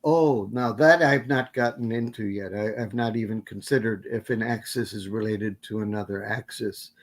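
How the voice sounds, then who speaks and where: A man's voice: lowish voice, moderate pace. A man giving a guest lecture, answering questions at length and often correcting himself with fillers. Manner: rambling, self-correcting with many fillers. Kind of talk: academic Q&A answer.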